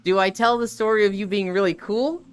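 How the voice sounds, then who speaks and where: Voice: medium pitch, fairly even intonation, fairly quick, clean tone. A live streamer chatting casually with viewers, laughing often and reading chat messages aloud.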